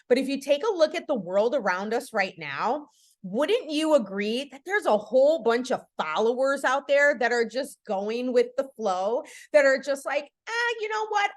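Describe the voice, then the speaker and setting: A woman in her thirties hosting a faith-based podcast, talking earnestly and conversationally as a coach, with frequent fillers and questions back to the listener. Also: a little high. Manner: earnest, conversational, lots of "like" and "right?".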